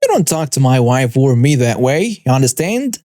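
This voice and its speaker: A man's voice: medium pitch, very animated, normal speed, dark tone, no room sound, clean studio sound, close to an everyday voice. A man voicing an aggressive father who makes pointed threats. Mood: threatening. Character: aggressive father, adult man, hot-tempered.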